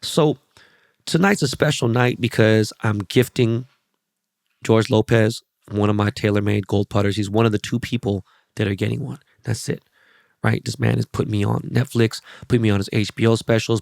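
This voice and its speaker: A man in his forties hosts a podcast and talks at an ordinary pitch in a gravelly voice. He rambles, swears freely and stays animated through his stories. The close mic sounds dry with no room in it. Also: normal speed, dry recording. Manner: profane, rambling, animated storytelling. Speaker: podcast host. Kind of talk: casual podcast monologue.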